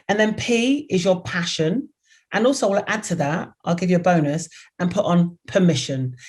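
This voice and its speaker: A woman's voice: lowish voice, darkish tone. A woman PR expert giving a motivational talk, direct and earnest, coaching the listener step by step. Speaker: guest, PR expert.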